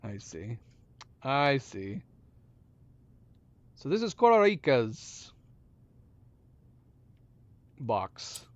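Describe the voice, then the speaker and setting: A gaming channel host plays a puzzle game and gives let's play commentary, mumbling to himself and then bursting into loud, surprised exclamations. His mid-range voice swings quickly and excitably between the two, and the recording has a dull, lo-fi sound.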